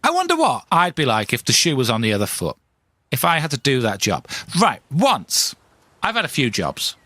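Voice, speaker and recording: Lively, ranting man. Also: mid-range voice, normal speed, no echo. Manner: ranting, self-mocking, lively. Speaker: podcast host. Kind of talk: comedic monologue.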